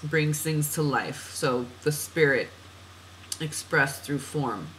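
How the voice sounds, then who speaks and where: A woman's voice: low voice, slow, a bit bright, slight background noise, low-quality recording. A woman reading oracle cards for a client in a chatty, meandering way, laughing at herself and drifting off on tangents. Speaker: oracle card reader. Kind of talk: spiritual card reading monologue.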